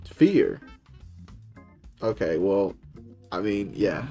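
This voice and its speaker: A man streaming a game who reads its dialogue aloud and breaks into excited, high-pitched reactions. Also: a little slow, long pauses, soft background music. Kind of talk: casual gaming commentary.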